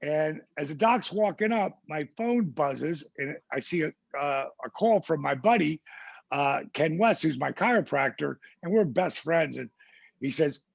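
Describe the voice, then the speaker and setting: A man from New Jersey, a podcast guest, telling a casual story in an animated way and acting out the people he quotes. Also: a little high, measured pace, gravelly, no echo. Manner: animated anecdote teller who acts out the people he quotes.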